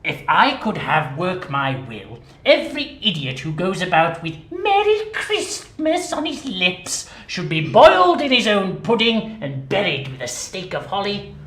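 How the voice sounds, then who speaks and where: A snarling old miser with an English accent, barking his words loud and high, as a man reads him. The voice is bright and sharp, caught in an echoey room. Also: wildly swooping pitch, slow, full character voice. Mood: furious.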